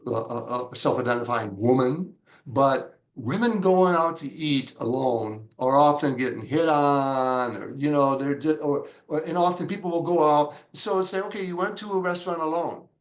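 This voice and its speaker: A man, a pastor, telling stories in an interview with a fairly high voice that leaps about as he acts out other people's words. The recording sounds roomy and echoey. He speaks in a lively, conversational way. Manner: animated, acts out quoted dialogue with big pitch jumps. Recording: echoey room.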